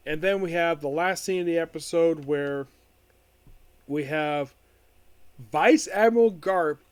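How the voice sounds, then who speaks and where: A man's voice: a little high, unhurried, clear, resonant tone, dry recording. A man casually recapping an anime episode as a reviewer, rambling with frequent restarts and fillers.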